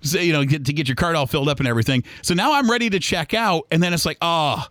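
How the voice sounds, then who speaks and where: A chatty man talks on his solo podcast, wandering from story to story and slipping into other people's voices. His voice sits fairly high for a man. The recording is dry and close, with no room sound. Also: animated, rapid-fire, fairly bright tone, dry recording. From Michigan, US. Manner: chatty and rambling, acts out shoppers' voices. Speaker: podcast host. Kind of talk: casual solo podcast monologue.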